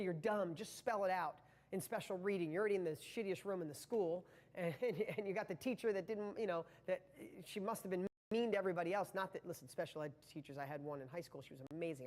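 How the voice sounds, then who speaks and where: A man's voice: sits high, in a large hall. A man giving a live motivational training talk to viewers, speaking with passion and a rambling flow full of restarts.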